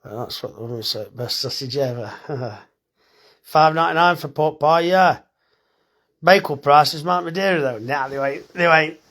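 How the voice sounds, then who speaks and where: A man's voice: on the high side, moderate pace, a bit bright. A middle-aged man, a farmer and butcher, chatting casually and bluntly on a phone live stream, reading out comments and swearing now and then.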